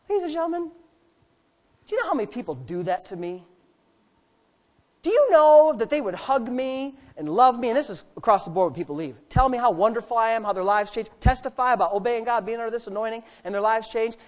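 A man in the pulpit preaches a little fast, sounding animated and sarcastic. Loud, high-pitched bursts give way to quiet asides and back again.

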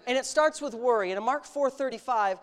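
A middle-aged man preaching a sermon, telling a personal story and then exhorting his listeners boldly, with rising loud emphasis. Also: extremely high pitch, a little fast. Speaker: pastor.

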